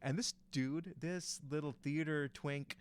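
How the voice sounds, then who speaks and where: A man's voice: on the high side, fairly even intonation, measured pace, smooth. Rambling young man telling a story. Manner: rambling, many restarts and fillers. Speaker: podcast guest storyteller. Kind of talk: casual chat.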